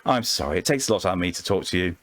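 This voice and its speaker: A man voicing a sickly, flirtatious female entity who drawls and teases, in a high falsetto. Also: lively intonation, racing, no room sound. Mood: teasing. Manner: teasing, calls listener sugar and honey.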